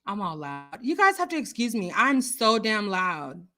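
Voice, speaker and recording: A young adult woman hosting a casual livestream, chatting and answering viewers with emphatic, animated remarks. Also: mid-range voice, moderate pace, soft background music. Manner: chatty, emphatic, laughs often. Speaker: livestream host.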